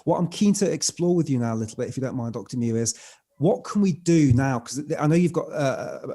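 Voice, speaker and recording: Man, podcast host, mellow tone, mid pitch, attentive interviewer. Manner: attentive, frequent soft backchannels. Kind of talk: interview conversation.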